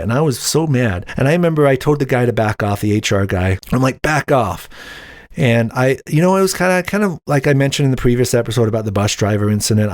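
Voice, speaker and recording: A man's voice: medium pitch, darkish tone, dry recording, studio quality. A young adult man hosts a solo podcast, telling a personal story in a candid, rambling, indignant way. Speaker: podcast host.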